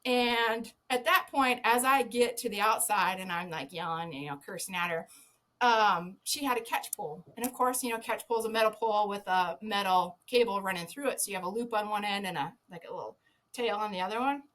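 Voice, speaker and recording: A woman's voice: medium pitch, brisk, a bit bright. A woman guest on a podcast, a former zookeeper telling a casual anecdote, swearing freely and laughing often.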